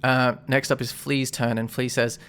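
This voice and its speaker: A man's voice: medium pitch, little pitch movement, normal speed, fairly bright tone, smooth. A man running a tabletop game as game master, narrating combat in a casual, rambling way with many fillers.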